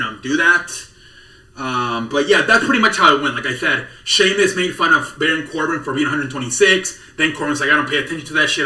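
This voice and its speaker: A man's voice: mid-range voice, bright, forceful tone, echoey room, far from the mic. A man hosting a podcast, chatting casually and rambling through wrestling news with lots of swearing and disbelief. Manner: profane, rambling, incredulous. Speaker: podcast host.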